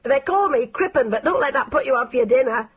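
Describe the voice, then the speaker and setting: A creepy man, as a woman narrator puts him on, coaxes in a sugary, sing-song way, lifted well above a plain speaking pitch. The tone stays breathy and soft-edged. It sounds like a character voice in a storybook reading. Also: animated, fairly quick, highs cut off. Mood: coaxing. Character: creepy coaxing man pushing homemade pie.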